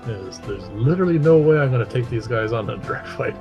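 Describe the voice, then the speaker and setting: A man's voice: mid-range voice, lively intonation, a little mellow, soft background music. Casual man narrating a tabletop game. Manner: casual, halting narration with fillers. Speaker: game master.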